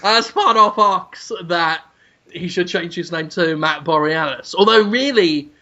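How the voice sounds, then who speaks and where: A British man co-hosts a comedy podcast and spins absurd tales in a deadpan tone. His voice is bright and forceful. The audio is dull and lo-fi. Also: high voice, measured pace. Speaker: podcast co-host.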